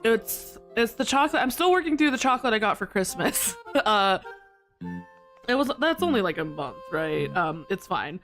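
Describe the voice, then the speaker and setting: Bubbly giggly woman streamer, lively pitch. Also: moderate pace, faint music behind. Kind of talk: live-stream chat with viewers.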